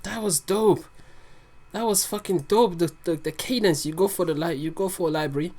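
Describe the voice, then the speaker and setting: A reaction video host casually commenting on lyrics, excitable and profane, explaining the lines aloud. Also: mid-range voice, normal speed.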